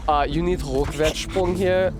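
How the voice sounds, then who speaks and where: A man's voice: fairly high pitch, steady tone, a little slow. A man giving live, joking, profane commentary while streaming a game. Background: game music.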